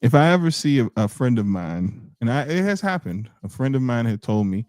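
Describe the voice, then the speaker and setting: A man's voice: mid-range voice, brisk, hardly any pauses, no echo. A man in his forties co-hosting a podcast, talking bluntly in casual chat. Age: 40s. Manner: blunt, animated, laughing and ranting. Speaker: podcast co-host.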